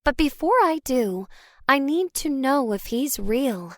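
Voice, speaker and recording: A woman reading a first-person story aloud as an audiobook narrator, expressive and wry. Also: sits high, a little slow, no room sound, studio quality.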